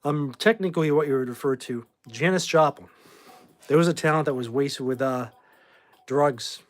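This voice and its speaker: A man in his forties from Boston, hosting a casual livestream chat and answering viewer questions in a rambling, offhand way with blunt opinions. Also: fairly high pitch. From Boston, Massachusetts. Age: 40s. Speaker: host.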